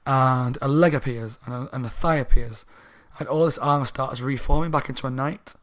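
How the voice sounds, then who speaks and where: A man's voice: medium pitch, moderate pace, fairly bright tone. Tipsy, rambling man recapping a book. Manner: rambling, chatty, self-correcting. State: slightly drunk. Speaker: book reviewer, channel host. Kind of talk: casual spoken book recap.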